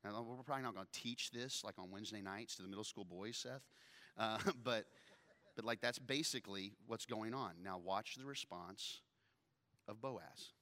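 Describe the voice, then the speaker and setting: Joking preacher man with a bright voice. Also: on the low side, moderate pace, in a large hall. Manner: joking, conversational, laughs often. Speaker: pastor. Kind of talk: sermon.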